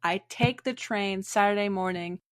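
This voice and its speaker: A woman's voice: medium pitch, normal speed, no echo, studio quality. A woman co-hosting a podcast, telling a trip story in easygoing casual chat. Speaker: podcast co-host.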